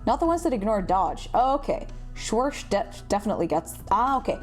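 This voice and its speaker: A young woman streamer chatting casually with her viewers, with a self-deprecating, animated manner. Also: medium pitch, moderate pace, soft background music. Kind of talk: casual livestream chat.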